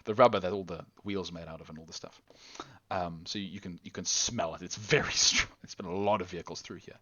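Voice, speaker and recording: A man's voice: deep voice, steady tone, fairly quick, a bit bright. A man narrating a tabletop role-play game as game master, rambling and correcting himself. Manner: rambling, self-correcting, laughs often.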